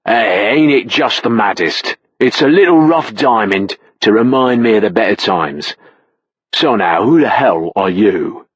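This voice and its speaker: A man voicing a drunk, slurring retired man who is defensive and gruff. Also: sits low, huge pitch swings, a little slow, hardly any pauses, a bit bright, no echo, lo-fi sound, heavily acted. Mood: boozy. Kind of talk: audiobook character voice.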